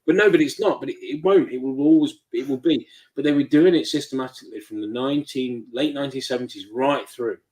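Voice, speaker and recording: Man, casual interview guest, lively storyteller, acts out quotes, mid-pitched voice. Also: fast, hardly any pauses, rough recording. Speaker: toy shop owner, guest.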